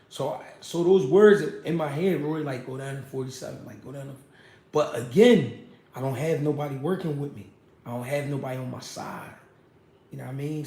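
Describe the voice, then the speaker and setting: A young man tells stories from his boxing career in loose, profane street talk, often asking "you know what I mean". His voice sits a bit high for a man and has a gravelly edge. The room echoes around him. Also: mellow. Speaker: former pro boxer telling his story. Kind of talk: casual storytelling chat.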